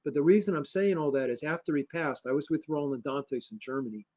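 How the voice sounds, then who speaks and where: An older man from Connecticut, a martial arts grandmaster, telling rambling, animated anecdotes in a casual interview. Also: a little high, fairly quick, highs cut off. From Connecticut, USA.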